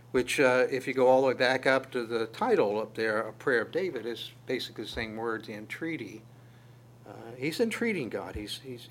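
Man preaching with frequent restarts. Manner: animated, jumps in pitch and loudness on key lines; stammers and restarts phrases often. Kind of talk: conversational sermon.

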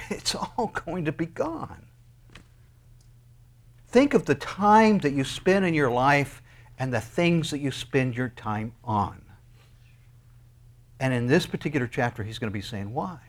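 A man preaching a sermon, moving from quiet, hushed asides to loud, shouted commands. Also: medium pitch, sing-song, measured pace, pauses often. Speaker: pastor.

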